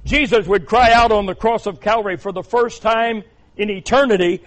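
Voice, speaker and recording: A man preaching a sermon in a fairly high voice. He swings between emphatic raised outbursts and quiet, deliberate lists, with the cadence of a pulpit speaker.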